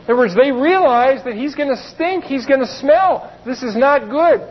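A man's voice: very high-pitched, moderate pace, few pauses, muffled recording. A man preaching a sermon, reading Bible verses and explaining them in a conversational way with plain asides. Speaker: pastor.

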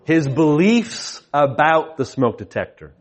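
A man's voice: on the high side, big pitch swings, unhurried. A man in his thirties giving a sermon at a conference, telling family anecdotes casually with many restarts and self-deprecating humor. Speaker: conference speaker.

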